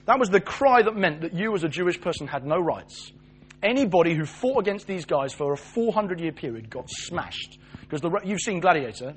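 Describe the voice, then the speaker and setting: A husky, fairly high-voiced British man preaches to a live audience. He is animated and jokey, slipping into little character voices to tell the story. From Britain. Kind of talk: lively sermon talk.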